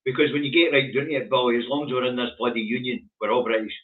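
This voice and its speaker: A man's voice: mid-range voice, steady tone, fast talker. A Scottish man hosting a casual current affairs show, blunt and sardonic, swearing freely. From Scotland. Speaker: host. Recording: tinny phone-like audio.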